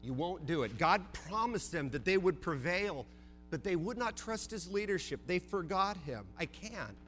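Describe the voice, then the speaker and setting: Male pastor from Oregon, earnest conversational sermon, bright edge, long hall reverb with faint music. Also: high voice, animated, normal speed. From Oregon, USA. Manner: earnest, conversational preaching with repeated questions and stammered restarts.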